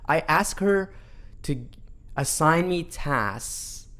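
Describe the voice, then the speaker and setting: A man's voice: a little high, drawn-out words. A man hosting a podcast as the boss, talking loosely and making fun of himself in casual conversation. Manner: relaxed, rambling, self-deprecating. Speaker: podcast host, company boss.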